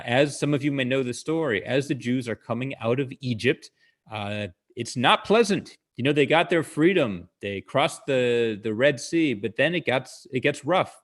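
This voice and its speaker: A male comedian telling jokes and stories in a chatty way over a video call, often pausing to explain the punchline and using plenty of "uh" fillers. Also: mid-range voice. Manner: acts out characters' lines in quoted voices. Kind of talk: comic storytelling talk.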